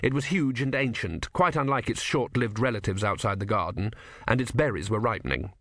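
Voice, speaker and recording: A man narrating an audiobook with expressive storytelling. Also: medium pitch, fairly quick, vocal fry, no room sound, studio quality. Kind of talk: scripted narration.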